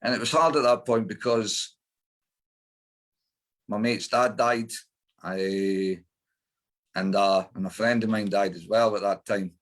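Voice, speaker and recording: A man's voice: lowish voice, steady tone, takes it slowly, pauses often. A middle-aged man with an Edinburgh Scottish accent, a guest in an interview, telling his life story bluntly with lots of swearing and fillers. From Scotland.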